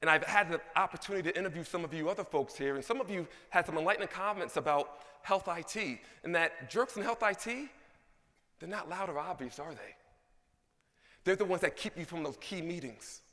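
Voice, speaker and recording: An animated man delivers a conference keynote, firing questions at the crowd in a bright, forceful voice that sits a little high. Long reverb trails his words through a large hall. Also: a little fast. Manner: animated, asks the audience questions. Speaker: keynote speaker.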